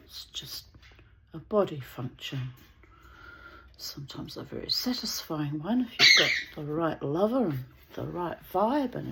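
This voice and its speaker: A woman's voice: sits low, a little hiss or hum. A woman telling a rambling, digressive anecdote in casual chat, breaking into laughter often. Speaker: channel host.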